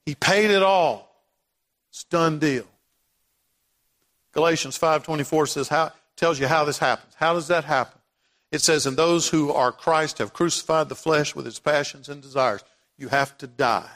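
A man preaching a sermon as pastor, swinging from loud declarations to hushed passages. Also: fairly high pitch, fairly even intonation, moderate pace, big-room sound. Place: church sanctuary.

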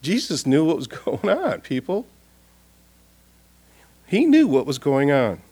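A man preaching at a funeral, earnest and expressive, swinging from loud appeals to hushed, quiet passages. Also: on the high side, slow pace, slightly rough. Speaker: pastor. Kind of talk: funeral sermon. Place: church or funeral gathering.

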